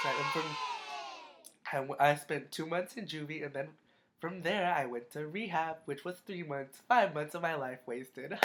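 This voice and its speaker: A man's voice: fairly high pitch, normal speed, very noisy. A teenage boy telling a storytime vlog in casual chat, rambling, swearing a lot, his voice cracking. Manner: profane, rambling with constant fillers. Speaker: vlogger.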